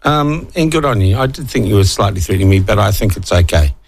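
A New man hosts talkback radio with a wry, breezy manner. His voice is gravelly and husky, with a lively, swinging pitch. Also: fast. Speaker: radio host.

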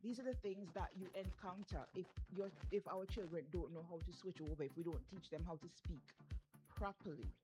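A woman's voice: fairly low pitch, fairly quick, poor audio. Earnest woman, music behind. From Saint Vincent. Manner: emphatic, earnest, lecturing tone. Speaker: parent discussing children's speech. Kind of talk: casual discussion.

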